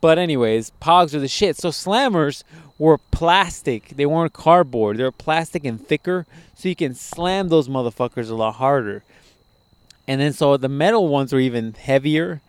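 A young man hosting a podcast, telling profane, animated stories in a casual chat. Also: a little high, moderate pace, clear, resonant tone, dry recording. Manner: profane, animated storytelling with laughs. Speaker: podcast host.

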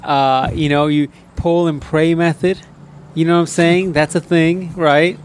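A man with a slightly high voice, joking crudely and riffing in a relaxed podcast chat. There is faint background noise under the recording. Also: a little slow. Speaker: podcast co-host. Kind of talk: casual podcast banter.

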